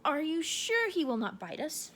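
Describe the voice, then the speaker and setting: A woman voicing a small, proud female mouse queen with a squeaky little voice, indignant and regal. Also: big pitch swings, measured pace, slight background noise.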